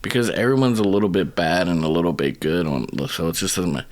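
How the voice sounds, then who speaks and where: Man, low voice, lively pitch, casual podcast chat, rambling, restarts sentences. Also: fast talker. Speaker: comedian, podcast guest.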